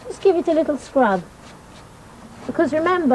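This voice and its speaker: A patient, middle-aged woman walks children through each task in a calm, gentle teaching voice. Her tone sits a little on the high side, with faint background noise behind her. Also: unhurried, long pauses, low-quality recording. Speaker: riding instructor. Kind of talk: hands-on demonstration teaching children.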